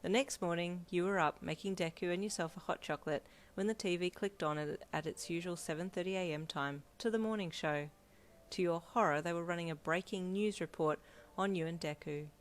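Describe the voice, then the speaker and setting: A woman narrating a second-person romance fan story in a calm, even storytelling manner. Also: on the low side, fairly quick.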